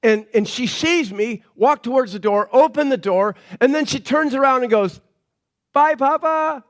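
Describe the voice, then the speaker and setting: Man, pastor, high voice, sermon, conversational storytelling, many restarts, church. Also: moderate pace.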